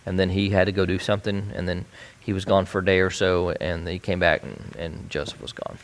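Low-voiced man teaching a bible study. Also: little pitch movement, fairly quick. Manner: conversational, many fillers and restarts.

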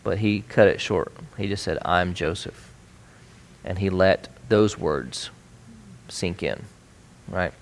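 A man's voice: deep voice, slow pace, gravelly, slight background noise. A man teaching a bible study in a conversational way, with frequent fillers and restarts.

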